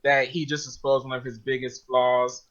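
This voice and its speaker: A man's voice: mid-range voice, level tone, normal speed, fairly bright tone. A man co-hosting a casual chat, recapping events with enthusiasm. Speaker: podcast co-host. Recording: dull lo-fi sound.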